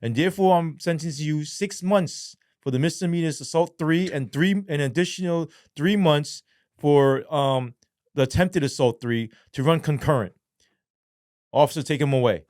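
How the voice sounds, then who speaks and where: A man's voice: a little high, normal speed, darkish tone, no echo, clean studio sound, voice pushed up, close to an everyday voice. A man putting on a stern judge passing sentence, in a clipped, formal manner. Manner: clipped, formal, pronouncing judgment. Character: stern older male judge handing down a sentence.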